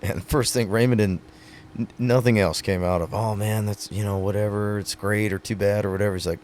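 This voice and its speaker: A man's voice: fairly low pitch, steady tone, brisk, a little mellow, slight background noise. A man, a retiring pro rodeo athlete, talking earnestly in a casual podcast conversation, telling stories with many fillers.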